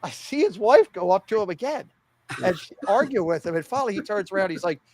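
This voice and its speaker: High-voiced, animated storytelling man. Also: fast talker, a little hiss or hum. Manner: animated, laughing storyteller who acts out quoted lines. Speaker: podcast co-host. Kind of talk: casual storytelling chat.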